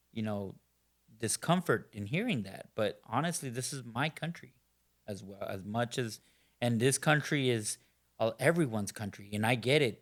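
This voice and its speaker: Middle-aged american guy on a podcast, blunt and opinionated, rambles with lots of um and you know, mid-pitched voice. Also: fairly bright tone. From United States. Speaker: podcast guest. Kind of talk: casual interview talk.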